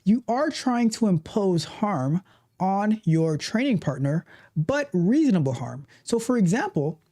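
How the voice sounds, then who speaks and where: A woman coach with a warm, lowish voice gives a motivational talk. She speaks emphatically, repeats her points, and acts out how people react in quoted lines.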